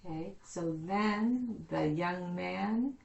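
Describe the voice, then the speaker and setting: A woman's voice: lowish voice, slow, vocal fry, a little mellow, echoey room, muffled recording. A woman student in a language class, hesitantly sounding out words as she reads aloud and translates.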